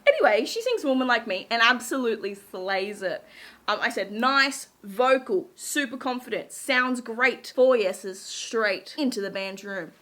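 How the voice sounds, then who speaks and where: A woman's voice: fairly high pitch, expressive, measured pace, fairly bright tone. Bubbly giggly young woman. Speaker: YouTuber recapping a TV show. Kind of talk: casual chat.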